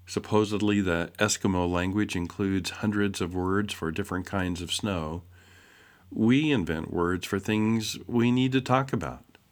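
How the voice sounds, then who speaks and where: A man reading a devotional essay aloud in a measured way, posing rhetorical questions. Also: deep voice. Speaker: essay reader.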